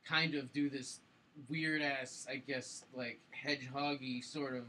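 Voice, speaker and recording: A man's voice: medium pitch, steady tone, a little slow, noisy background. A man casually telling a story on a podcast, rambling with lots of fillers and swearing. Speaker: podcast co-host.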